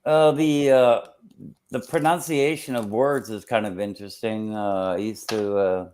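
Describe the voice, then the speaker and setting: A man speaks haltingly in a casual chat, stopping often to search for words. His phrasing leans formal and a little bookish. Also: on the low side, fairly even intonation, a little mellow. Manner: halting and wordy, many "uh" pauses, formal word choice.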